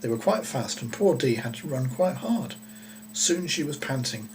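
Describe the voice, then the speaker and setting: A man reads a children's story aloud at a gentle, unhurried pace. His voice sits at an ordinary middle pitch, with small slips and restarts now and then. A faint hum runs behind him. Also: lively intonation, rough recording.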